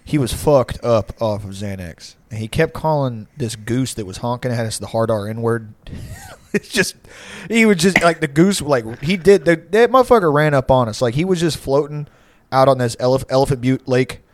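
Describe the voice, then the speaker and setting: A man's voice: medium pitch, big pitch swings, moderate pace, no echo. Profane, rambling storytelling man. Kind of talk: casual chat.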